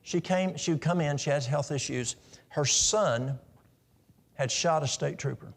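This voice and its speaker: A man's voice: fairly high pitch, unhurried, gravelly. A middle-aged man giving a practical, story-filled health talk at a church in a folksy manner. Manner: folksy, practical, tells stories.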